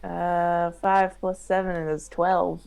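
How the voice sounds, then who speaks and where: A woman playing a tabletop game, unhurried, with dry, short replies. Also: fairly low pitch, little pitch movement, creaky, background noise. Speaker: player.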